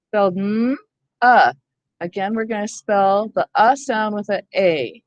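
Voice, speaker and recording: A woman's voice: mid-range voice, animated, measured pace, a little mellow, no room sound. A woman leading an online training session for teachers, explaining step by step and checking that her listeners follow. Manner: explanatory, asks "That makes sense?".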